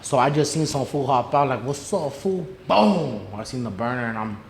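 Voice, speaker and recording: An animated, brisk man with a mid-range voice tells a story as a podcast guest. His casual retelling is slangy and profane, full of quoted dialogue delivered in the characters' voices. Echo and faint noise come from the room.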